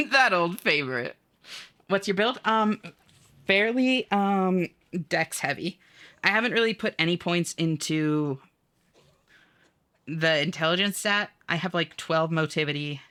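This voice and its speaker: A woman's voice: on the low side, unhurried, fairly bright tone. A woman streaming a video game, chatting casually and giggling as she answers her viewers. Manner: chatty, giggly, reads chat aloud. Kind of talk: casual chat with viewers while gaming.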